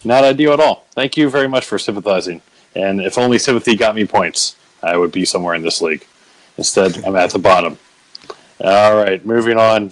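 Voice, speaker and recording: Low-voiced, swearing podcast host. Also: male voice, dry recording, low-quality recording. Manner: profane, self-mocking, rambling with restarts. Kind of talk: casual podcast recap.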